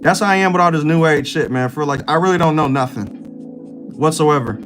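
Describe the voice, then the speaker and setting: A man with a somewhat high voice streams live, talking off the cuff to his chat. He rambles and swears freely in a loose, casual way. Soft music plays faintly underneath. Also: brisk, poor audio. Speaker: livestream host.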